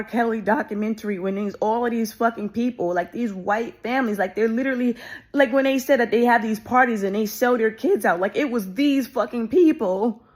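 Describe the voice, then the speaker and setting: A woman telling a personal story in a rapid, intense way, restarting often and swearing. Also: fairly high pitch. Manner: intense and emotional.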